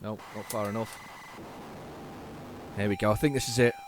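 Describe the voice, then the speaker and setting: A man hosting a casual retro-computing video, chatting in an excitable, rambling and self-mocking way. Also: fairly low pitch, moderate pace, slight background noise. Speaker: host.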